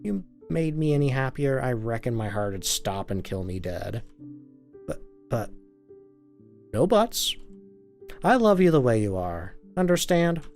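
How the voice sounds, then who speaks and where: A man's voice: medium pitch, big pitch swings, unhurried, creaky, pauses often, a little mellow, faint music behind. A man voicing a fond, teasing wife in a horror game. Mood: tender. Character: affectionate adult wife, teasing and tender.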